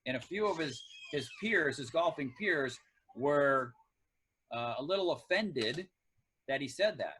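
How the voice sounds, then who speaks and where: A middle-aged man, once a professional kicker and now a coach, appears as a guest on a casual podcast and spins long, reflective stories from his sporting life. His voice is a little high and somewhat bright, with lively intonation and an unhurried pace. The recording is low quality, with slight background noise.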